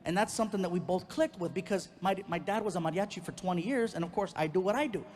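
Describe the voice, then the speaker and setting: A male stand-up comedian telling a personal story on stage, animated and acting out each person in it. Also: high voice, fast talker. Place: comedy stage in a large venue. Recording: live hall with faint noise.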